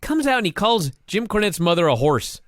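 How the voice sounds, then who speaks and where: A man co-hosting a casual chat, with a fairly high voice that leaps all over the place. He drops wry, sarcastic asides and swears freely. The sound is close and dry. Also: big pitch swings, fairly quick, no echo. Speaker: podcast co-host.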